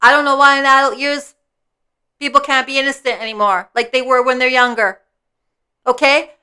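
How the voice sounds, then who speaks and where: High bright earnest woman in her fifties. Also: steady tone, normal speed, clean tone. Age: 50s. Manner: earnest, repetitive, checks in with "okay?" constantly. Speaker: vlogger. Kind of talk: casual spiritual vlog talk. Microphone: personal mic.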